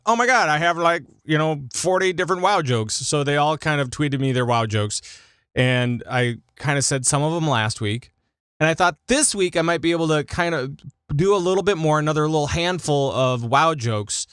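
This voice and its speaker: A man hosts a casual gaming podcast, talking in an animated, meandering way full of ums and uhs. His pitch swings widely from line to line. The sound is dry and close, with no room around it. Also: clear, resonant tone, no echo. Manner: animated, chatty, lots of fillers. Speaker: podcast host. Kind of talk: casual chat.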